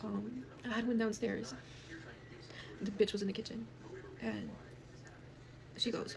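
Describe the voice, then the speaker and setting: A woman's voice: fairly high pitch, fairly even intonation, vocal fry, a crowd in the background. A young woman telling a personal story in a storytime clip, emotional and profane, acting out what people said. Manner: fast, emotional, profane retelling with acted quotes. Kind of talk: storytime video.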